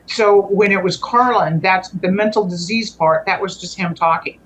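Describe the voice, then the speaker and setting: A woman's voice: lowish voice, fairly quick, hardly any pauses, slight background noise, low-quality recording. A woman guest telling a personal story in a conversational way. She often stops and restarts her sentences and lets phrases trail off.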